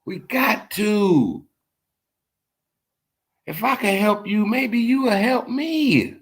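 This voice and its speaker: A man's voice: high voice, animated, takes it slowly. A man speaking in a frustrated, impassioned monologue, repeating "man" often. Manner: frustrated, preachy, repetitive "man" tags. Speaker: vlogger.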